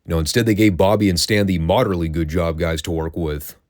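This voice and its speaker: A man with a fairly low voice recaps old wrestling episodes in a loose, casual way, dryly sarcastic and quick to swear. The recording is dry and close, with no room sound. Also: a little mellow, dry recording. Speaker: podcast host reviewing classic wrestling.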